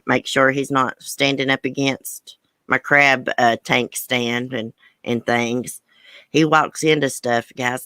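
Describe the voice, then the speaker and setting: Older woman host with a thick Southern drawl, bright voice, dry close sound, chatty with viewers. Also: rumbling low, dry recording. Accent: American Southern. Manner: chatty, reads viewer comments aloud. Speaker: livestream host. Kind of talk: casual livestream chat.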